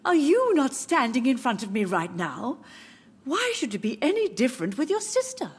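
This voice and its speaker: A woman's voice: high-pitched, huge pitch swings, slightly rough, exaggerated voice. A frail, confused old mother. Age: older. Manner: wistful, slow, dreamy. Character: frail grieving older mother, confused and gentle. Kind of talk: video game acting. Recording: game audio with music behind.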